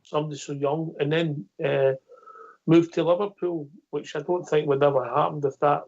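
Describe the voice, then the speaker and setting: A man's voice: on the high side, fairly even intonation, moderate pace, a little mellow. A man hosting a radio interview, prompting his guest with brief remarks. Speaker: radio host. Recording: dull lo-fi sound.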